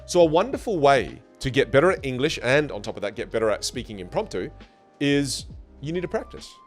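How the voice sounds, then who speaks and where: Energetic male speaking coach, very animated delivery, faint music bed behind. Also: a little fast. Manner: energetic, emphatic, playful with big pitch jumps. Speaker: communication skills coach. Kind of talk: online lesson to camera. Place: studio.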